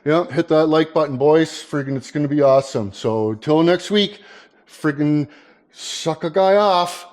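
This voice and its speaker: A high-pitched older man with a twang rants crudely to his viewers, joking and swearing. His tone flips between mock outrage and laughter. The delivery is rambling and loose. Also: a little slow, darkish tone. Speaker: vlogger. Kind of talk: rambling comedic rant to camera.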